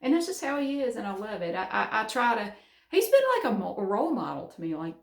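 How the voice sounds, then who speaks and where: A woman's voice: medium pitch, big pitch swings, fast talker, vocal fry. A middle-aged woman from the American South with a Southern accent, chatting casually in a vlog and laughing often. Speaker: vlogger. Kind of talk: casual chat. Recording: roomy echo.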